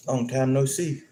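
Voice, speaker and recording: A man's voice: medium pitch, noisy background. A man chatting casually and joking on a live stream, rambling and chuckling often.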